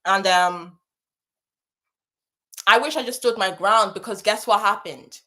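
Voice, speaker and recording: Her voice is medium in pitch, bright and forceful, and she speaks a little slowly. A young woman hosting a casual advice chat, she reads viewer messages in a chatty, emphatic manner, repeating phrases to stress them.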